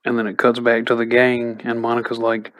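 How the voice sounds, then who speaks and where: A man reviews a TV episode in a relaxed, chatty recap, stringing it together with fillers. His voice is smooth and clean. He keeps a level, flat delivery that rarely rises or falls. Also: mid-range voice, a little fast. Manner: chatty, loose retelling full of "like" and "you know". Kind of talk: casual spoken recap.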